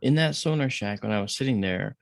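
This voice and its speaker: A man's voice: fairly low pitch, expressive, fairly quick, creaky, no echo, clean studio sound. A middle-aged man as a podcast guest, telling a story in casual conversation and acting out the voices of the people in it.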